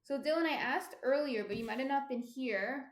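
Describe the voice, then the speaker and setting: A baking streamer with a New Jersey accent chats casually with her live viewers while baking at home, often trailing off with ums. Her voice sits high at a moderate pace, and the indoor space near the kitchen gives a roomy echo.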